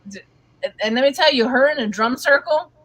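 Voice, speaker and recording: A woman's voice: sits high, a little fast, a bit bright, no echo, poor audio. A woman co-hosting a live stream, friendly, reading out and encouraging viewer comments. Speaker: co-host. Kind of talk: casual chat.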